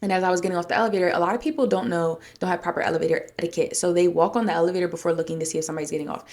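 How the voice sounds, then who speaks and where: A woman sits at the mic recounting her week in a loose, chatty monologue. Her voice is low with a gravelly edge, and it jumps up whenever she acts out a quarrel. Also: racing. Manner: animated retelling, acting out quotes in a raised voice. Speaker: podcast host. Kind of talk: casual storytelling monologue.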